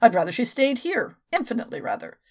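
A woman reading a brusque middle-aged country doctor from an old novel, blunt and impatient but reassuring underneath. The voice stays fairly high and swings widely as he scolds and encourages. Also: big pitch swings, fast.

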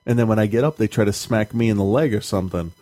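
A man's voice: lowish voice, quick pace, dark tone, dry recording. A man in his thirties talking casually as a podcast co-host and father, blunt and swearing, laughing at himself. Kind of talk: casual chat.

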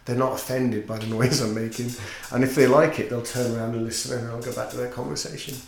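A man's voice: medium pitch, fairly even intonation, fast talker, gravelly, a little mellow. Earnest man telling a story in a roomy space. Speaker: podcast guest, teacher and singer. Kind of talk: casual interview conversation. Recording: roomy echo with faint noise.

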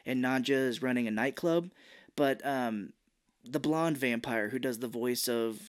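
Male podcast co-host, mid-pitched, loose and rambling, casual cursing. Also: unhurried. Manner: rambling, swears casually, acts out quotes. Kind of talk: casual chat recapping a movie.

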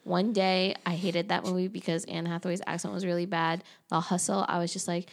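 A woman's voice: fairly low pitch, flat delivery, a little fast, gravelly, hardly any pauses. A woman in casual chat, talking loosely with many "like"s and frequent laughs. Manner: chatty, laughs often, lots of "like".

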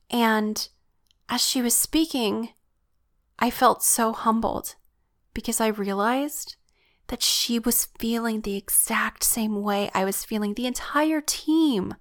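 A woman's voice: a little high, fairly bright tone. A woman giving an earnest, reflective personal faith testimony.

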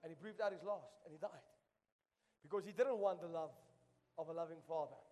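A man's voice: a little high, brisk, mellow, long reverb tail. A man preaching a sermon in a church, impassioned and repeating phrases for emphasis. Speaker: pastor. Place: church sanctuary.

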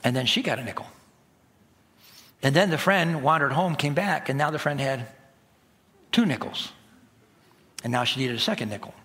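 A man's voice: medium pitch, expressive, moderate pace, long pauses, bright, forceful tone. A middle-aged man preaching a sermon, telling stories animatedly and acting out the voices of the people in them. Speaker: pastor.

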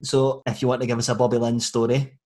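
A Scottish man hosting a casual podcast, asking questions and sharing memories in a relaxed, chatty way. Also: mid-range voice, fast. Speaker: podcast host.

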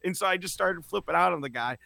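With a high, creaky voice and a fast delivery, a podcast host spins stories in casual talk and acts out people's words animatedly. The audio is studio quality with no room sound.

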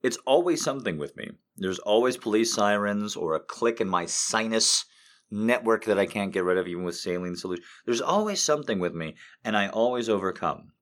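Deep-voiced man, profane casual banter. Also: animated, brisk. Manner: profane, rambling, self-mocking with sudden mock outbursts. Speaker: streamer host. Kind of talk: casual chat.

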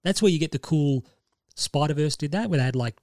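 A man hosting a podcast, chatting casually and pitching ideas enthusiastically in long rambling runs. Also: fairly quick, darkish tone, no room sound, clean studio sound. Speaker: podcast host. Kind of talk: casual chat.

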